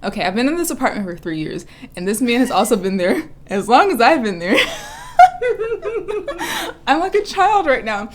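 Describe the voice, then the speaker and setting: Giggly, animated young woman telling a story. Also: a little high, moderate pace, long pauses. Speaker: podcast co-host. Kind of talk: casual chat.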